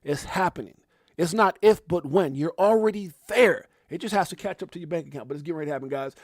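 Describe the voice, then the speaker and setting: A man hosting a casual live stream, hyped and effusive, giving one shout-out after another to people watching. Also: fairly high pitch, fast, no echo, clean studio sound. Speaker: livestream host. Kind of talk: casual live-stream chat reading out viewer names.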